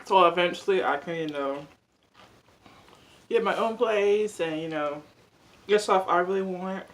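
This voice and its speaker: Her voice is on the low side and unhurried. A young woman eating on her mukbang vlog, she chats and rambles casually, using "like" constantly.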